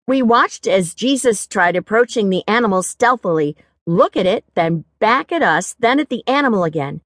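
Wry, expressive woman audiobook narrator. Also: mid-range voice, normal speed, dry recording, studio quality. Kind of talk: first-person scripted narration.

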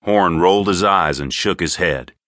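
A man narrating an audiobook in an expressive, crisp storytelling manner. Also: deep voice, moderate pace, no room sound, clean studio sound. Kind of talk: scripted narration.

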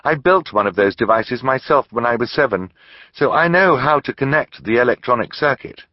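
A man's voice: mid-range voice, expressive, moderate pace, no room sound, muffled recording, voice pushed up, lightly acted. A man voicing a young girl, the eager eldest sibling, speaking earnestly and urgently in a storybook reading.

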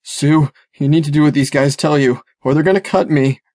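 A man's voice: on the high side, very animated, slow, a little mellow, voice pushed up. A male narrator voicing a frightened young man who whimpers and pleads.

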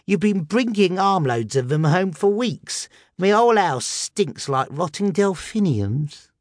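A male narrator voicing a small, fierce older landlady who nags in a shrill, grumbling voice. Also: animated, unhurried, no room sound, studio quality. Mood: nagging.

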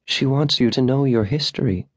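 A man's voice: mid-range voice, moderate pace, pitched above the performer's own voice, natural voice. A male narrator voicing a friendly young woman working as a tour guide, speaking playfully. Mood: teasing.

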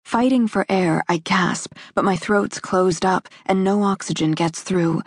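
A woman narrating a first-person romance audiobook in a measured, intimate reading. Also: mid-range voice, husky, dry recording. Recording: dry close studio recording.

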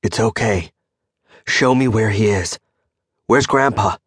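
A male narrator voicing a calm, even-toned young man in an audiobook. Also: lowish voice, slow, slightly rough, dry recording, clean studio sound.

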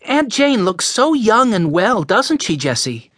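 Man doing a gentle quiet girl. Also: high voice, sing-song, a little slow, voice pushed up, heavily acted. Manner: soft, gentle. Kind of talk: audiobook character voice.

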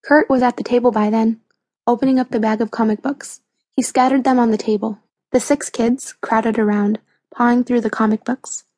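A woman narrating a children's audiobook in a clear, even storytelling manner on a close mic. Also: a little high, moderate pace, no echo.

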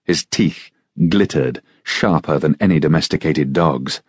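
A man narrates a novel in a measured, steady way. His voice is extremely deep and husky, recorded close and dry with no room sound. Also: no echo. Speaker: audiobook narrator. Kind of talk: scripted narration.

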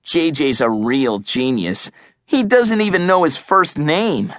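A man's voice: sits high, very animated, measured pace, fairly bright tone, no room sound, clean studio sound, voice pushed up, full character voice. A man voicing a level-headed, impatient boy in an audiobook, with an exasperated, matter-of-fact manner. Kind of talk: audiobook character voice.

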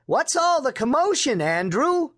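Guy putting on a fussy old granny voice, higher and lively. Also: unhurried, exaggerated voice. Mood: fussing. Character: older grandmother, warm and bustling.

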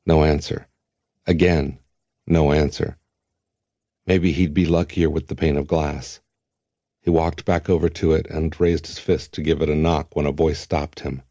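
A male audiobook narrator reading in a steady, measured way. His voice sits very low and sounds warm and dark. The recording is dry and close. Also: dry recording. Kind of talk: scripted narration.

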